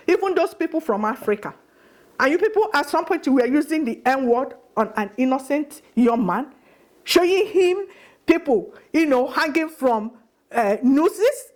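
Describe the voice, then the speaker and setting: A woman's voice: sits high, a little mellow. A middle-aged woman speaking straight to the camera, indignant and pleading, repeating her points for emphasis. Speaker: vlogger. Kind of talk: impassioned direct-to-camera address.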